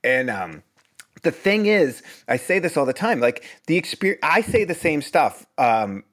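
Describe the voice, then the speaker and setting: A man's voice: a little high, sing-song, moderate pace, a bit bright. A man from Boston, a breathwork instructor, talking bluntly and earnestly in a conversational interview. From Boston, US East Coast.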